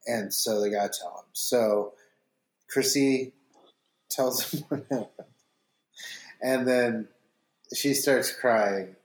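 A man's voice: medium pitch, slow, pauses often. A man co-hosting a podcast, recapping a plot in casual chat. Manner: recapping a plot, acting out characters' lines. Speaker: podcast co-host. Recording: roomy echo.

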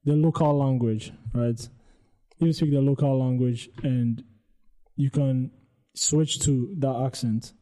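A man's voice: medium pitch, steady tone, takes it slowly, warm tone, low-quality recording. A young man hosting a podcast, casually asking questions and agreeing. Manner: asks questions, many short agreements.

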